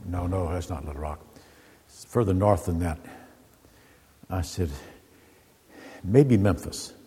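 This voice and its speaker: A man preaching a sermon as an Orthodox priest, telling folksy stories, then teaching in a measured way. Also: sits low, dark tone, a little hiss or hum. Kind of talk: sermon with opening jokes. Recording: echoey hall with long reverb.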